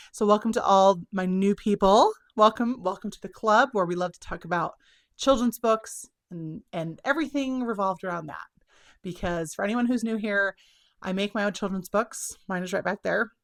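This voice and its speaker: A woman's voice: mid-range voice, fairly bright tone. A young woman with a drawl talks casually to her viewers. She is a little out of breath, upbeat and chatty. Her words run together with "kind of" and "like.". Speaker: self-published children's book author and channel host. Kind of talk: casual chat to camera.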